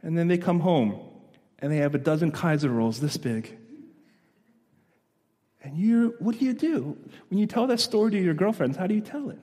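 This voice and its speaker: A male pastor preaching a sermon, animated and storytelling, asking his listeners questions, in a church hall. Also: fairly high pitch, normal speed, long pauses. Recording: long echo of a large hall.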